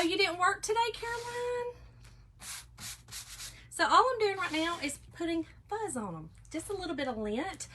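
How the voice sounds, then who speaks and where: Bright chatty woman in her forties. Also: on the high side, slight background noise. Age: 40s. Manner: chatty, reads out viewer comments, laughs often. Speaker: craft live stream host. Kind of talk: casual live craft demo chat.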